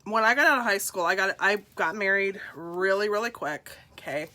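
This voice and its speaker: Speaking at medium pitch with a bright, forceful tone, a middle-aged woman who sounds congested shares something personal on a live stream. She is slow, heartfelt and confiding, and she greets her viewers by name.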